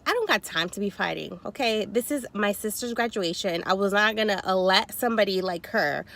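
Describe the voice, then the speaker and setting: A woman telling a story in a chatty, animated, slangy way, sitting in her car. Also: mid-range voice, fairly quick, creaky. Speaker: vlogger. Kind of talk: story time vlog.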